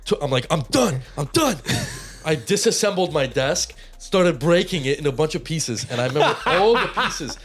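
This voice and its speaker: A young man on a podcast telling a story in a casual, animated way, laughing as he goes. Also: fairly high pitch, fairly quick, hardly any pauses, faint music behind. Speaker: podcast co-host.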